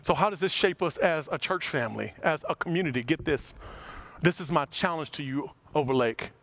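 A pastor delivers a brisk, animated sermon, acting out the passages with big swings in pitch and loudness.

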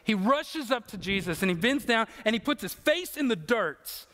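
A male pastor preaching an earnest, emotional sermon with slow, emphatic phrases. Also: sits high, animated, fairly bright tone, long reverb tail.

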